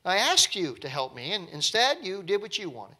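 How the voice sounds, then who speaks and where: A man's voice: sits high, sing-song, moderate pace, pushed and bright, slightly rough, full character voice. A man voicing an exasperated prophet who complains to God in an accusing, whiny tone. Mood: aggrieved.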